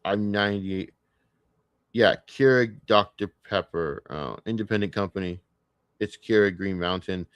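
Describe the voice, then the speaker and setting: A male streamer tears into what he's watching, swearing in nearly every sentence. His voice sits on the low side and sounds close and dry, with no room sound. The delivery is scornful, with sudden loud outbursts. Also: unhurried, smooth, no room sound. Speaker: streamer reacting to a documentary. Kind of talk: profane ranting commentary.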